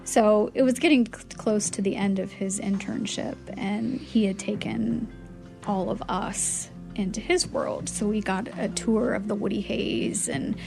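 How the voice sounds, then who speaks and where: Gravelly woman telling a lively story. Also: medium pitch, measured pace, music in the background. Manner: lively storyteller who acts out dialogue and laughs often. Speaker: charity fundraiser guest. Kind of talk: storytelling interview.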